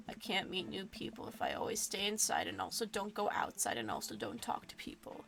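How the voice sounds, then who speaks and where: A woman's voice: mid-range voice, sing-song, fairly quick, gravelly, few pauses, fairly bright tone. A woman streaming a game live, reading it aloud with goofy, rambling asides. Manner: goofy, rambling, self-joking.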